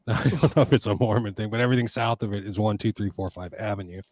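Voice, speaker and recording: American guy, foul-mouthed and teasing, deeper voice, dry sound. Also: fast talker, darkish tone, dry recording. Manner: profane, teasing. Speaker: podcast guest. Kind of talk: casual chat.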